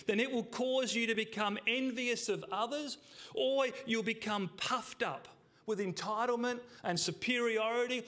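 Male pastor with a high voice, preaching with emphasis, stretching key words and dropping low for effect. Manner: emphatic, with slowed words and drops to a hush; addresses the congregation directly. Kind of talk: sermon.

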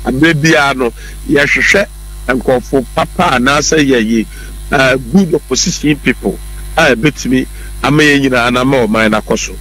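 Arguing his political positions on a talk show, this Ghanaian commentator is emphatic, repeats himself, and mixes English into his speech. His medium-pitched voice is bright and forceful at a normal speed, on poor audio.

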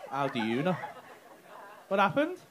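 Male stand-up, teasing crowd work, animated delivery, live club recording with a noisy audience. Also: a little high, a little slow. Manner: cheeky, sweary, teasing. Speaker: stand-up comedian. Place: comedy club stage. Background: loud audience laughter.

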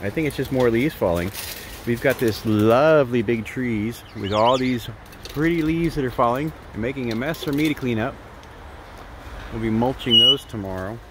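Under the trees in an outdoor aviary, a parrot sanctuary caretaker chats casually to the birds with cooing, sing-song baby talk. The voice is medium-pitched and a bit bright at a moderate pace, with slight background noise.

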